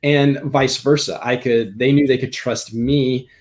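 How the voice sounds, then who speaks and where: A man co-hosting a podcast, explaining his ideas in a thoughtful, measured way during a casual chat. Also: mid-range voice, fairly even intonation, darkish tone. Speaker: podcast co-host.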